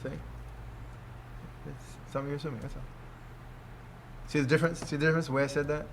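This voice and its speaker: Older male teacher, relaxed rambling delivery, constant "see?" check-ins. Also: on the high side, fast, a little hiss or hum. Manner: rambling, keeps asking "see?", chuckles often. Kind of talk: casual teaching talk.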